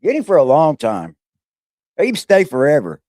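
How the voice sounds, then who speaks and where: A man's voice: fairly high pitch, huge pitch swings, moderate pace, dark tone, no echo, clean studio sound. A middle-aged man hosting a casual, profane livestream, brash and mocking, laughing often. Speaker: livestream host reacting to videos.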